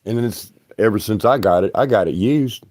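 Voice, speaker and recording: A man's voice: fairly low pitch, normal speed, a little mellow, slight background noise. A man, rambling bluntly and profanely on a livestream.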